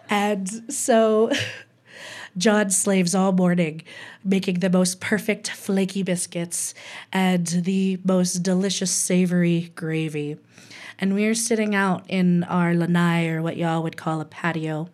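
A woman's voice: lowish voice, fairly even intonation, unhurried, darkish tone. Candid, laughing woman from Hawaii. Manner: candid and humorous, laughs between lines. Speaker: storyteller. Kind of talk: personal storytelling.

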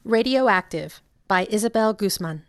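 A woman reading a short story aloud in calm, unhurried scripted narration. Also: mid-range voice, loud music behind the voice. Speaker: story reader.

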